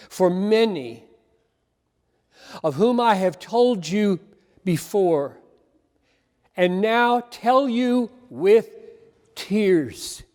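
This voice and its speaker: A man with a high-pitched voice preaches an earnest, emphatic sermon, repeating phrases for weight. His words ring out with a long reverb, as from a large hall. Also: darkish tone. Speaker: pastor.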